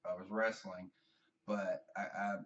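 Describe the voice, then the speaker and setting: A man's voice: deep voice, flat delivery, a little slow, a bit bright, far from the mic. Brief: Southern US guy, meandering, cursing, self-deprecating vlog ramble, muffled and set back from the mic. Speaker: vlogger. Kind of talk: rambling casual monologue.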